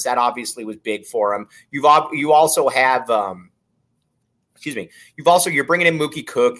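Man, sports podcast co-host, bright tone, a bit high-pitched, blunt casual takes. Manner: opinionated, blunt.

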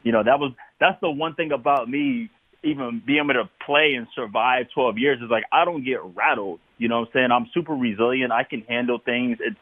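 Man, interview guest, animated storyteller, laughs often, tinny phone-like line. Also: medium pitch, fairly quick, no echo. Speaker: guest, former football player. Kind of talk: casual interview conversation.

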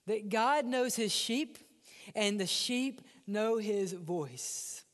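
A male pastor preaching a sermon, swinging between loud, driven lines and hushed, near-whispered ones. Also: high voice, slow pace, big-room sound. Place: church sanctuary.

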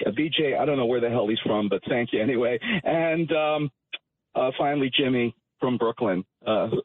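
A man calling in to a radio show, rambling and halting through a list of thanks. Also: mid-range voice, breathy edge. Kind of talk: phone-in call. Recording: tinny phone line.

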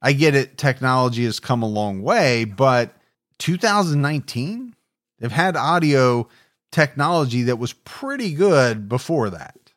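A man hosts a true crime podcast, narrating and musing in a steady, reflective manner a little slowly. His mid-pitched voice is captured in a close, dry recording.

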